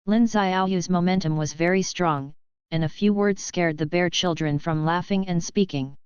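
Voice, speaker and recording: A woman narrating an audiobook in an even, steady reading. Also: on the low side, moderate pace, smooth, dry recording. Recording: dull lo-fi dry audio.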